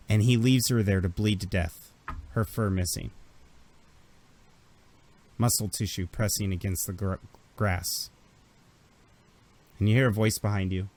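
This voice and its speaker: Man, game master, low voice, dramatic narration, tabletop game. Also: measured pace, pauses often.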